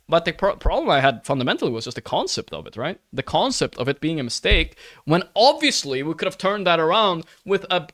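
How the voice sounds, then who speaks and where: A man's voice: on the high side, a bit bright, no room sound. A man streaming live and ranting to his chat. He swears often, keeps asking "right?" and calls his listeners brother in an earnest, pleading way.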